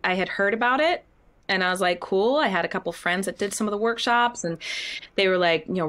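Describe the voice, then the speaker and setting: A Broadway actress chatting as a podcast guest, animated and candid, often acting out what people said. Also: female voice, mid-range voice, normal speed. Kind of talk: casual interview chat.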